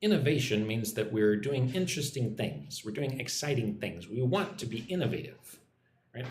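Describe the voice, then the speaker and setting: A man teaching English on a live stream, his pitch rising and falling a lot as he explains each sentence. He repeats key words and keeps checking in with "right?". The room gives his voice a clear echo. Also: a little mellow, a little hiss or hum. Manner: patient, repeats and explains, often asks "right?".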